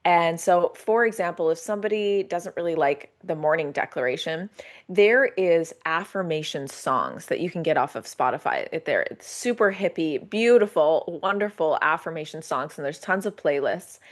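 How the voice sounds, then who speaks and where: Woman coach, podcast guest; lively, acts out her own thoughts, lowish pitch. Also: moderate pace. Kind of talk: casual podcast conversation.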